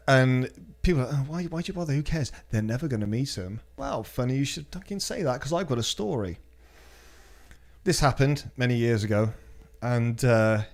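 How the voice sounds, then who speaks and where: A British man talking casually on a podcast in a voice of ordinary pitch. He tells personal stories bluntly and swears freely, with a quick, frank delivery.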